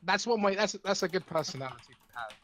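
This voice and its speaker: A man's voice: high-pitched, animated, fast, a bit bright, slight background noise. A man joining a tabletop game as a new player, chatting casually, stammering and laughing easily. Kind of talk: casual chat at a gaming table.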